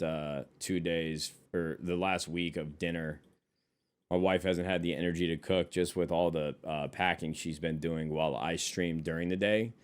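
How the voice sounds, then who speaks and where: A man's voice: low-pitched, clear, resonant tone. Profane, joking streamer man chatting. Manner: loose, profane, joking banter. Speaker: live streamer. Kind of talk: casual stream chat reading and answering viewers. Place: at a desk with a monitor.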